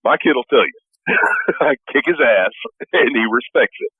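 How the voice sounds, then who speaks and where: A man's voice: medium pitch, expressive, normal speed, husky, dry recording, phone-quality sound. A man who is a parent, playing a tabletop game over a video call, joking crudely and swearing a lot. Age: adult parent. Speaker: player.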